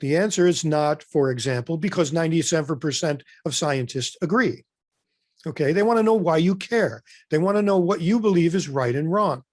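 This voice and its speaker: A man leading a webinar in a relaxed, conversational way, stopping often for fillers and self-corrections. His voice sits a little high for a man. It comes through close and dry, with no room sound. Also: normal speed, dry recording. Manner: loose and conversational, with many fillers and restarts. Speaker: webinar presenter. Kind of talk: informal webinar presentation.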